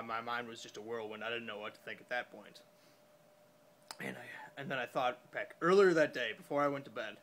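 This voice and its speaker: A young man telling a story casually into his phone after a few beers, rambling and halting with many fillers and curses. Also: mid-range voice, fairly bright tone, slight background noise. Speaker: vlogger.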